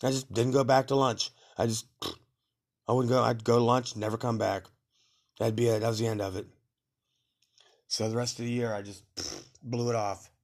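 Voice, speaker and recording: Gravelly man rambling through old stories. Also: medium pitch, little pitch movement, moderate pace, long pauses. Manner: rambling, laughs at own stories, swears freely. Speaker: podcast storyteller. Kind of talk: casual spoken memoir.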